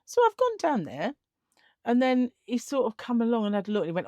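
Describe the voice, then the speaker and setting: A woman's voice: fairly high pitch, huge pitch swings, a little fast, dark tone, no echo, studio quality. A middle-aged woman telling a story in a casual vlog, chatty and laughing often, acting out the other people in it. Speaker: vlogger.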